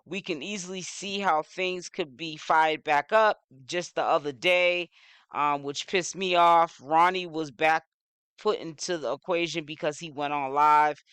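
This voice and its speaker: Male commentator, crisp and clean tone, easygoing rambling delivery, dry sound. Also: fairly high pitch, steady tone, unhurried, sharp tone, no room sound. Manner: rambling, many "you know" fillers. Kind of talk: casual commentary.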